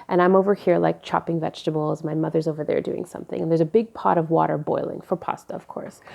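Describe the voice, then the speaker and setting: A woman in her forties speaking candidly to camera, telling personal stories and reflecting slowly and deliberately. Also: fairly low pitch, vocal fry, mellow. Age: 40s. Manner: candid, storytelling, turns slow and deliberate when reflective. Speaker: vlogger.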